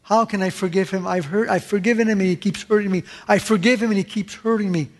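A man preaching a sermon, explaining scripture with lively rhetorical asides to the congregation. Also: high voice, fast talker. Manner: animated, rhetorical asides asking the audience. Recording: long hall reverb.

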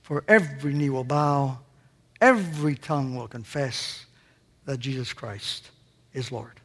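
A man preaching a sermon with passion, climbing high on his questions and sinking to a near hush on his closing phrases. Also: a little slow, husky, long reverb tail. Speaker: pastor.

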